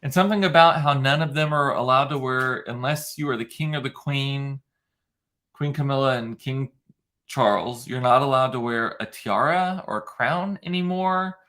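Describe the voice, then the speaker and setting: A man's voice: medium pitch, normal speed, pushed and bright. A man chatting casually on his own, rambling and gossipy, often correcting himself mid-sentence. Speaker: vlogger. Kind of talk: casual solo chat reading live comments.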